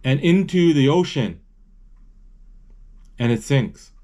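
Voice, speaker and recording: A man casually retelling a film as he watches it, halting and searching for words, with excited exclamations. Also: mid-range voice. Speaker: movie narrator.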